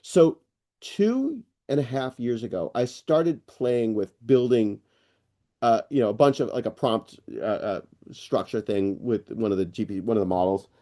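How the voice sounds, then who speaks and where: A middle-aged man hosting an online AI news session, rambling and excitable, with lots of fillers and restarts. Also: mid-range voice, measured pace. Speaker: host presenting AI news. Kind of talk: casual screen-share walkthrough on a live call.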